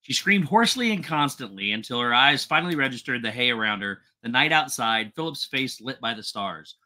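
A man hosting a live book club with a bright, forceful tone. He chats easily and encourages his co-reader before reading aloud himself. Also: mid-range voice, lively intonation, fairly quick. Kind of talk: casual chat and reading aloud.

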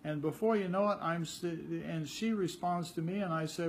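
Older male teacher, slightly high voice, chatty talk with small acted exchanges, faint noise behind. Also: normal speed. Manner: conversational, repeats words, acts out little dialogues. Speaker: spiritual teacher. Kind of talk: informal spiritual talk.

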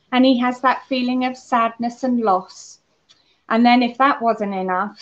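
A woman leading a children's holiday club, telling a story and talking gently to the kids. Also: a little high. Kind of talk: children's talk on a Bible lesson. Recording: muffled lo-fi church recording.

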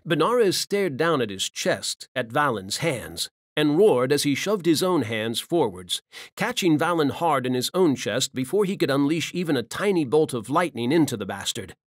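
A male audiobook narrator with a lively, animated delivery that rises and falls through dramatic scenes. The recording is dry and close, with no room sound. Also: medium pitch, no echo. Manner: dramatic, expressive. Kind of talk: scripted narration.

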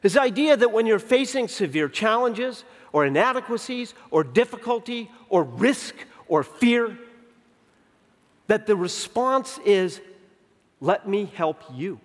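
A man in his fifties speaks from a stage at a conference, with a fairly high voice for a man. His keynote is full of story, with dialogue acted out and key lines drawn out slowly. A long hall reverb trails behind every phrase. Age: 50s. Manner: animated storyteller who acts out dialogue and slows down for emphasis. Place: large conference venue.

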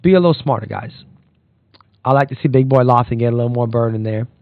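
A man hosting a sports podcast, talking basketball in a loose, animated rant that keeps addressing players directly. His voice sits at a middling pitch. The recording is dry and slightly dull. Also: fast, dry recording. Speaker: podcast host. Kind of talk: casual sports commentary. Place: Florida.

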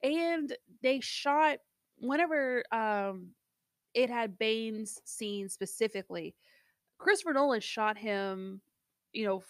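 Speaking slowly in a higher register, this woman co-hosts a movie review show and chats casually, rambling and hesitating with lots of restarts. The studio recording is clean, with no echo.

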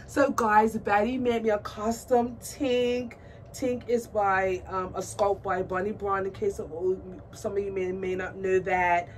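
A woman's voice: medium pitch, fairly even intonation, moderate pace. A woman vlogging a doll unboxing, gushing and squealing with delight as she chats to her viewers. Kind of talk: excited unboxing chat to camera. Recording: distant mic with faint background noise.

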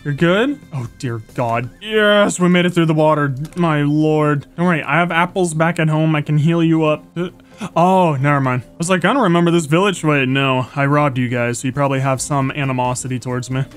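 A young man giving excitable live gameplay commentary, gasping, yelping and talking to the animals and monsters on screen. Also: fairly high pitch, a little fast, clear, resonant tone. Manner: excitable, talks to animals and mobs, frequent gasps and yelps. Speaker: gaming YouTuber. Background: faint game music.

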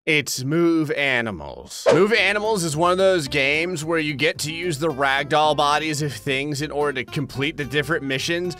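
Young male gaming host, animated, joking, quick to laugh, swooping delivery. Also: on the high side. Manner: excitable, laughs often, jokes at the game. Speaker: gaming YouTuber. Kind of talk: let's-play commentary.

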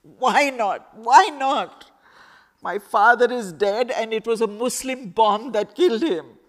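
A grieving teenage girl, as a woman reading her story puts her on, rising high and loud in raw, tearful outbursts. It's slow, with a long hall reverb trailing behind. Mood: angry.

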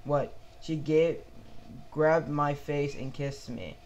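A man reading his own fan fiction aloud in first person, halting and stumbling over words with many restarts. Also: a little high, darkish tone, dull audio, a little hiss or hum.

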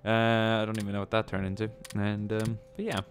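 A man's voice: fairly low pitch, level tone, brisk, slight background noise. A man giving casual gameplay commentary, chatty, with many ums and joking asides. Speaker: let's play gamer.

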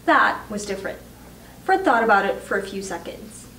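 A woman reading a children's book aloud with expressive storytelling. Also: mid-range voice, normal speed, a little hiss or hum. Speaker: reader. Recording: echoey room, distant mic.

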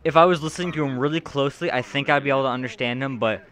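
A man's voice: medium pitch, very fast, fairly bright tone. A man streaming a social game, rambling apologetically and swearing often. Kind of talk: casual chat while playing.

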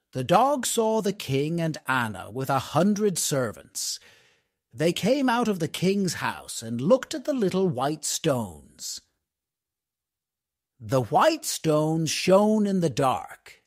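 Slow, expressive male storyteller. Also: on the high side, dry recording, studio quality. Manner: slow, clear, expressive reading. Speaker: narrator. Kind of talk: storybook narration for English learners.

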